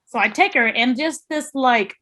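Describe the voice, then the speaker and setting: A young adult woman, a chef guest on a podcast, telling a story in animated casual talk and swearing freely. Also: high-pitched, moderate pace.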